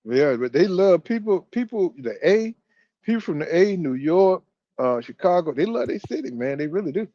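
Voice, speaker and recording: Guy from florida riffing on a boxing podcast, kinda high voice, dry dull lo-fi sound, imitates people a lot. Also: normal speed, no room sound. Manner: animated storyteller, mimics people, swears freely. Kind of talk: casual chat.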